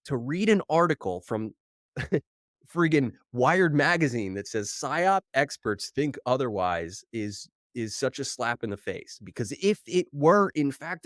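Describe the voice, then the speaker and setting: A man hosting his own podcast solo, talking in an animated, worked-up way and slightly out of breath from too much coffee, mocking the headlines he reads. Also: mid-range voice, no room sound, studio quality. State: over-caffeinated, slightly out of breath. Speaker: podcast host.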